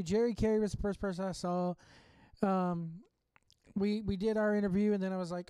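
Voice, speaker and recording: A man hosts a wrestling fan podcast in a casual interview and recap format, asking long, loose questions and recapping with rambling restarts. His voice sits high with fairly even intonation and a moderate pace, dark and smooth in tone, on a dry recording.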